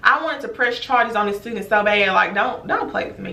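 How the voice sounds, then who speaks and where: Teacher lady doing a storytime vlog, bright sharp voice, kinda echoey room, super animated. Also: mid-range voice, a little fast. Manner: animated, emphatic, talks straight to viewers. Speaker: teacher and vlogger.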